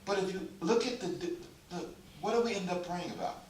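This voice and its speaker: Male pastor, fairly high voice, preaching with humor and call-and-response, picked up from afar in a roomy church. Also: a little fast, darkish tone, a little hiss or hum. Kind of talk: sermon. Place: church sanctuary. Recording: echoey church hall, mic far off.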